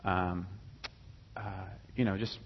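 Husky man rambling through a testimony. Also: sits low, steady tone, takes it slowly, dull audio. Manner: rambling, many fillers and restarts. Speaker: guest telling his faith story. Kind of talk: casual personal testimony.

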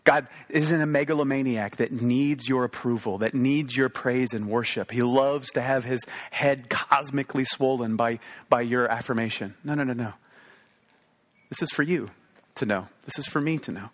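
A man's voice: mid-range voice, moderate pace. Man preaching an earnest sermon. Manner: earnest preaching with repetitions and emphatic asides. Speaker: pastor.

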